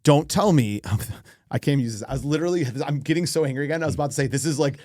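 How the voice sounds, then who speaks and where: Man, middle-aged, podcast co-host, animated storyteller, dry sound. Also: on the high side, racing, no room sound. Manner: animated, swears, acts out quoted people.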